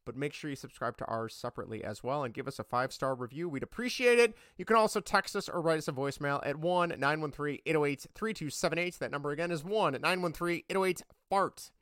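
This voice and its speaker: A young man hosting a casual sports podcast, chatty and rambling, quick to laugh. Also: on the high side, lively intonation, a bit bright, no echo, studio quality. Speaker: podcast host.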